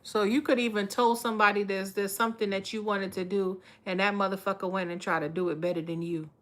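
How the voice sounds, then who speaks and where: A woman doing a live tarot reading, speaking. She is blunt and profane, talking to viewers in a streetwise, no-nonsense way. Her voice sits at a middle pitch. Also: fairly even intonation, quick pace, fairly bright tone. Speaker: tarot reader.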